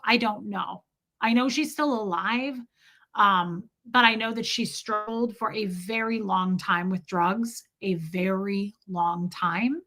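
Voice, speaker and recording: A woman's voice: mid-range voice, bright, forceful tone. A middle-aged woman chatting candidly on a livestream, telling stories animatedly and acting out quotes. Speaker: live streamer. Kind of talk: casual livestream chat.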